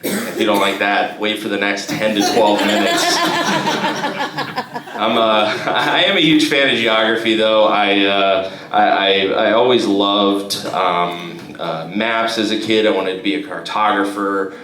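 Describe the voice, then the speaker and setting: A young male comedian performing a live stand-up set in a comedy club, halting with restarts and fillers. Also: lowish voice. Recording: roomy live club recording with crowd. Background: audience laughter.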